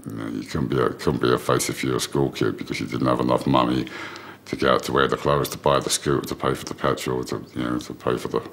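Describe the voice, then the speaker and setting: Very deep, gravelly man. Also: little pitch movement, a bit bright. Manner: measured, emphatic listing. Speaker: interviewee.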